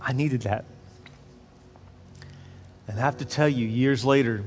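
A middle-aged male pastor preaches, telling his story with animated energy and easing into a soft, slow delivery for prayer. His voice rings with long reverb in a large hall, with faint music underneath. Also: mid-range voice. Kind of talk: sermon.

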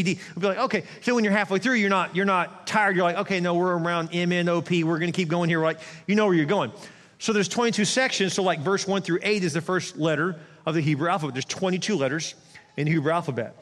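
A man with a high voice preaching in a lively, conversational way. He talks to the congregation directly and throws in quick asides. His voice rings out with a long reverb from a large church hall. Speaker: pastor. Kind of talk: sermon.

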